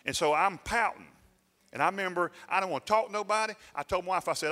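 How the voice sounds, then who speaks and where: A pastor telling a personal story in a sermon, folksy and self-mocking, dropping into plain dialect grammar. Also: male voice, high voice, fast, bright, forceful tone. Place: church sanctuary. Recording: church sanctuary with long reverb and faint music.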